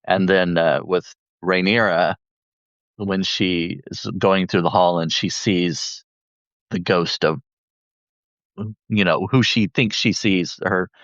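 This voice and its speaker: Deep, slow man on a dull line. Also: steady tone, a bit bright, dry recording. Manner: slow, hesitant, many fillers. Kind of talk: casual discussion.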